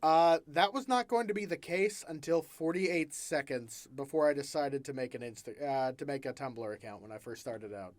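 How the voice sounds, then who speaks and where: A man's voice: on the high side, normal speed, few pauses, dry recording. A man hosting a casual podcast chat, giggly and self-deprecating. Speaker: podcast host.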